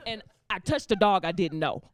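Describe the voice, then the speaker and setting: A woman performing a stand-up comedy set, telling stories with animated delivery and acting out other people's voices. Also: medium pitch, normal speed, background noise. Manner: animated storytelling with acted-out voices. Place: comedy club stage with live audience. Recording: live crowd laughter behind.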